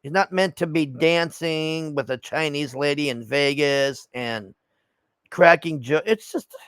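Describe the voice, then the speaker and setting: A man's voice: fairly high pitch, unhurried, fairly bright tone, clean tone, no echo. A young man giving a rambling, profane, casual movie review, sighing in exasperation.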